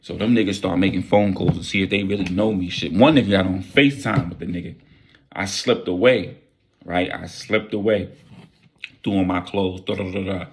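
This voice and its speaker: A young man casually telling a wild story in a vlog, with animated, profane street slang. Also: low voice, normal speed, slight background noise.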